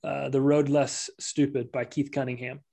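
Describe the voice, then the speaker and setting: A man hosting a podcast, asking questions in a relaxed, conversational way and chuckling often. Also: mid-range voice, moderate pace, creaky. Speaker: podcast host. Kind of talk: conversational interview.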